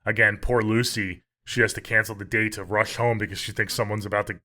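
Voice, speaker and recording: A man co-hosting a podcast, chatting about a film in a relaxed, agreeable way. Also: lowish voice, a little fast. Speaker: podcast co-host. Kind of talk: casual film review chat.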